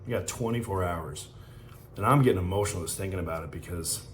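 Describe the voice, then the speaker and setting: Fervent low-voiced man giving a pep talk. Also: quick pace, a little hiss or hum. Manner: fervent, emotional, emphatic. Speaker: podcast host. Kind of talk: motivational monologue. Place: hotel room.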